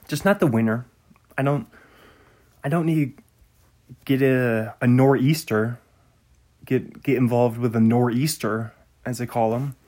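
A man's voice: medium pitch, darkish tone. A man hosting a podcast in casual chat, rambling and musing aloud, often trailing off mid-sentence. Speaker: podcast host.

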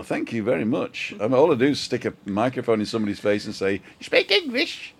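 A man hosts a relaxed live chat from a balcony, reading out viewer comments. He rambles and jokes between them and laughs often. His voice sits in an ordinary middle register. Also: medium pitch. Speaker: livestream host.

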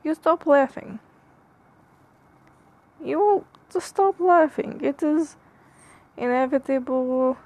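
A woman's voice: sits high, slow pace, pauses often, a little mellow. Woman in a theatrical put-on accent. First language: Punjabi. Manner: musing, drifting between jokes and philosophy. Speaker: podcast host. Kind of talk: rambling comic monologue.

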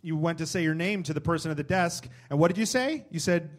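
A man co-hosting a live podcast on a comedy club stage, hyping the audience with loud introductions and teasing his co-host. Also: a little high, fast.

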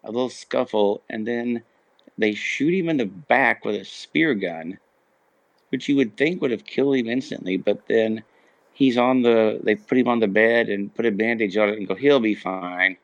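A man's voice: fairly low pitch, normal speed, no echo. A man guesting on a podcast, chatting casually about a film with dry, sarcastic remarks. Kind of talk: casual movie recap chat.

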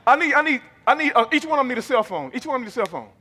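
A male pastor with a very high, bright, forceful voice delivers an emphatic sermon, having the congregation repeat his lines back to him. His words ring out with a long reverb through a large church sanctuary. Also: big pitch swings, racing, slightly rough. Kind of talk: sermon with call and response.

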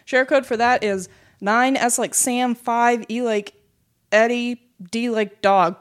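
A woman's voice: on the high side, steady tone, takes it slowly. A woman co-hosting a casual gaming podcast, reading out news and schedules with joking asides. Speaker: podcast co-host. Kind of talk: casual esports podcast chat.

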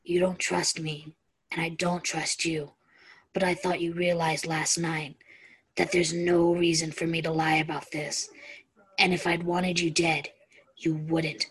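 A woman reading the lines of a gruff, impatient young male werewolf, speaking low and quiet. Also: little pitch movement, unhurried, rough recording. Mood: guarded.

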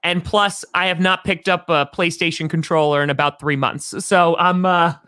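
A man's voice: on the high side, fairly even intonation, normal speed, pushed and bright, clean tone, no room sound, studio quality. A man in his thirties from New York, an enthusiastic podcast guest chatting casually in a rambling way.

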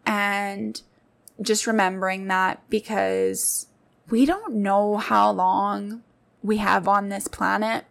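A woman's voice: mid-range voice, creaky, a bit bright. A woman in her late twenties hosting a podcast, sharing personal stories in an earnest, heartfelt monologue that speaks straight to her listeners. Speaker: podcast host.

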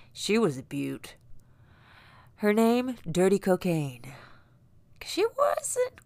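A woman's voice: on the low side, fairly bright tone. Woman, 30s, casual vlogger; rambling, profane, chatty storyteller.

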